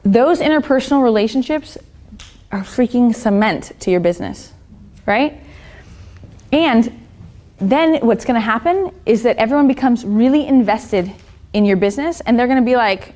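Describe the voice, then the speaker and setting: A woman coach delivers a motivational seminar talk in a fairly high voice. She is blunt and swears freely, and she keeps turning to the audience with quick questions. Her energy makes her pitch and loudness jump around. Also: animated. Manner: blunt and profane, keeps asking the audience "right?". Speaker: business and fitness coach.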